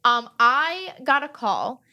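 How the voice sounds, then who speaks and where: Bright high-voiced chatty woman. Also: sing-song, slow pace, dull audio. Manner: bubbly, rambling, heavy use of "like". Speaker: podcast host. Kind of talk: casual podcast chat.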